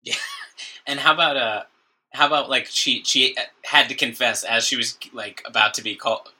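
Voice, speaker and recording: A man's voice: medium pitch, normal speed, sharp tone, slightly rough. A man co-hosting a podcast, chatting casually and joking with frequent laughs. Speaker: podcast co-host. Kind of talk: casual chat.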